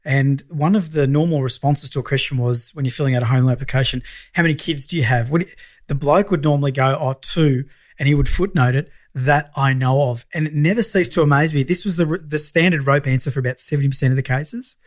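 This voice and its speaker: A man's voice: a little high, fast talker. A middle-aged Australian man, a guest on a business podcast, telling a story in casual chat and acting out the voices in it. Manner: animated storyteller, acts out dialogue.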